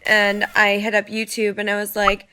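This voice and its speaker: A woman's voice: medium pitch, normal speed, slight background noise. A young woman telling a personal story casually, peppering it with "like" and quoting others. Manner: chatty, heavy use of "like", animated quoting.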